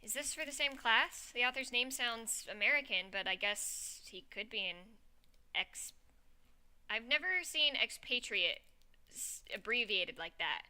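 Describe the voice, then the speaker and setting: A woman reading a story aloud in a live session, lively and giggly with asides. Her voice is very bright and crisp, a touch higher than most. She narrates in the first person. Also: measured pace.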